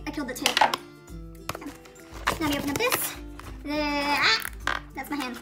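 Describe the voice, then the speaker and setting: Very high woman's voice, slow playful unboxing chat, dramatic asides, music clearly behind. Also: expressive. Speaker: toy reviewer.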